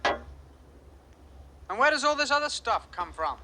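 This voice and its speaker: A man's voice: very high-pitched, sing-song, unhurried, background noise, full character voice. An actor playing an ambitious young man eager to get rich, in film dialogue.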